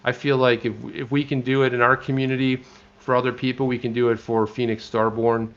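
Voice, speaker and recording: An American man co-hosting a casual live stream, rambling and animated with frequent restarts. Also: mid-range voice, a little fast, muffled recording. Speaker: co-host.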